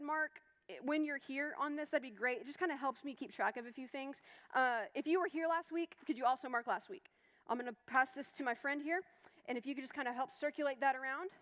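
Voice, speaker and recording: A woman's voice: high voice, a bit bright. A woman teaching a Bible study class in a chatty, reassuring way, with many fillers and restarts. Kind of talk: informal class lecture.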